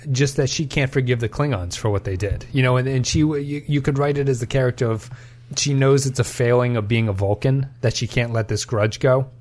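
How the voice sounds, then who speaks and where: A man's voice: mid-range voice, fairly quick, darkish tone. A man co-hosting a podcast, talking through a film in a thoughtful, analytical way with frequent restarts. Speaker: podcast co-host. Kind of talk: casual film discussion.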